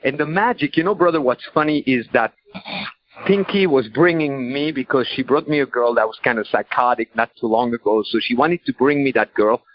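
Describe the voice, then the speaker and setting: A man's voice: medium pitch, no echo. A man co-hosting a call-in podcast, speaking earnestly with many restarts and repetitions. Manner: halting, repetitive, earnest speech. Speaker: podcast co-host. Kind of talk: conversational podcast talk. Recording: dull lo-fi sound.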